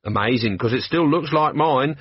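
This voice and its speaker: A man's voice: mid-range voice, moderate pace, breathy edge, dry recording, highs cut off, lightly acted. A man playing a cheeky, chatty watchman who rambles.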